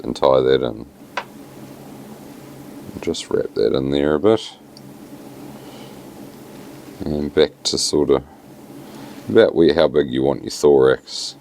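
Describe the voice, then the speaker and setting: A man with a New Zealand accent talking casually through a fly tying tutorial, relaxed and plain-spoken with many fillers. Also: extremely low pitch, gravelly, a little hiss or hum.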